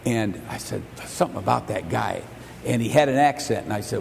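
A male pastor preaching a sermon. He stumbles over repeated words and swings between loud and soft. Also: on the low side, normal speed, vocal fry, big-room sound, a little hiss or hum. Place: church sanctuary.

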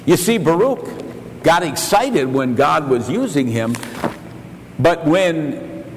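An older male pastor preaching a sermon, telling stories and quoting scripture in an earnest, measured way. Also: fairly high pitch, expressive, slight background noise. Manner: slow, earnest preaching with storytelling and King James quotations. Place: church sanctuary. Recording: long hall reverb in a church.

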